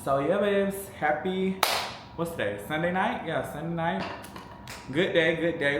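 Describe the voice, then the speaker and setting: A man vlogging casually to camera as a truck driver, chatty and sassy, calling viewers babes and honey. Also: fairly high pitch. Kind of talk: casual vlog chat to camera. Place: small room, at home or in a truck cab. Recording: echoey room, faint background noise.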